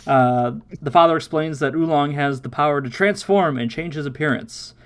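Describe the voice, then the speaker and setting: A man hosting a podcast, casually recapping an episode with lots of laughter and quick silly voices. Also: fairly high pitch, clean tone. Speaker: podcast host.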